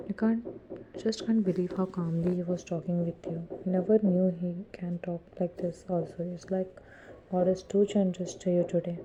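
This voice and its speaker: Brief: woman reading a romance story aloud, lowish monotone, noisy home recording. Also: normal speed. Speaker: fan-fiction narrator.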